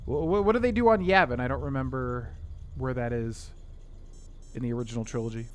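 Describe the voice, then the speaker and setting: A medium-pitched man talks fairly quickly while streaming a game. His casual commentary has him working through sums out loud, counting under his breath and half-jokingly grumbling.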